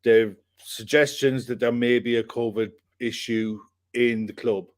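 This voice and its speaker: A man co-hosting a football reaction podcast, talking in a relaxed, rambling way. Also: medium pitch, a little slow. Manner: relaxed, rambling, repeats himself. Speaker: podcast co-host.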